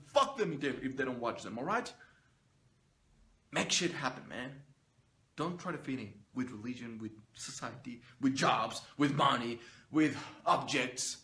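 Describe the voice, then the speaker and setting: A man's voice: medium pitch, animated, measured pace, bright, forceful tone, a little hiss or hum. Fired-up, foul-mouthed man preaching to camera. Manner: blunt, profane and fired up, with lots of swearing. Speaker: motivational vlogger. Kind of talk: unscripted motivational monologue to camera. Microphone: phone or camera he is recording himself on.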